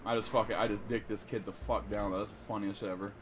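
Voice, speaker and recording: A man's voice: on the low side, level tone, quick pace, noisy background. A young man on voice chat with his gaming team, talking crude trash talk and swearing constantly. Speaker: teammate. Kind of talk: live gameplay chat.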